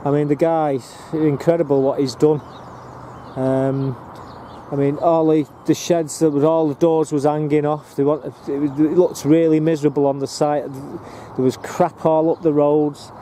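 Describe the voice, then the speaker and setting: A man's voice: on the high side, little pitch movement, measured pace, mellow, slight background noise. Chatty man touring allotments outdoors. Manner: rambling and chatty, frequent ums and restarts. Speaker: allotment vlogger giving a walking tour. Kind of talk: casual walk-and-talk commentary.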